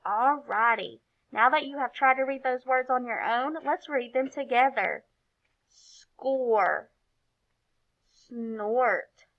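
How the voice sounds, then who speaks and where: A woman's voice: sits high, normal speed, few pauses. A woman teaching a recorded phonics lesson to young children, sounding out each letter and praising often. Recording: dull, lo-fi recording.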